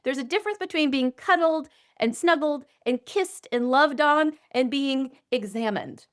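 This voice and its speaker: A woman speaking as a doctor guest on a podcast, telling a story in an animated, conversational way with frequent filler phrases. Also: sits high, normal speed. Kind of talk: conversational interview.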